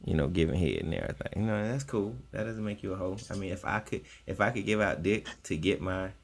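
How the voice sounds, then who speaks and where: Gravelly-voiced man in lively podcast banter. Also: deep voice, fast talker. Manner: animated storytelling, acts out quoted voices. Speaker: podcast co-host. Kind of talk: casual comedic chat.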